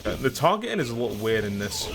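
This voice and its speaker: A man's voice: mid-range voice, sing-song, quick pace, music in the background. A male streamer giving casual, self-deprecating let's-play commentary while reading game dialogue aloud. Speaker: streamer playing a video game.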